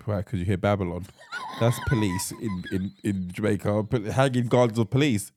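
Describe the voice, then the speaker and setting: A young British man co-hosting a podcast, bantering loudly and swearing through a guessing game with his friend. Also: fairly low pitch, moderate pace, noisy background. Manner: loud laughing, joking, swearing. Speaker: podcast co-host.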